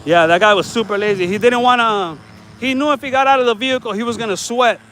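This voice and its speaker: A man's voice: very high-pitched, fast talker, a bit bright, slight background noise, low-quality recording. A man walking his neighborhood outdoors, talking casually and ranting with plenty of profanity in the heat. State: sweating in the heat. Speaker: vlogger.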